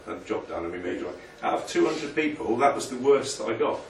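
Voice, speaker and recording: A man's voice: mid-range voice, lively intonation, fast, gravelly, hardly any pauses, a little hiss or hum. A man giving an informal, motivational business presentation to a room of people, chatty and self-deprecating. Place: meeting room with an audience. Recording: echoey room, picked up from a distance.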